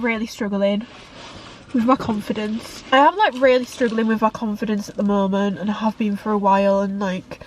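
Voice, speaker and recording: A young Englishwoman talks straight to camera in a loose, candid vlog, rambling from thought to thought and filling every gap with "like". Her pitch sits in the middle range, and the delivery is open, chatty and unscripted. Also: fairly even intonation, brisk, a little hiss or hum. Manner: candid, rambling, heavy use of "like". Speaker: fitness content creator.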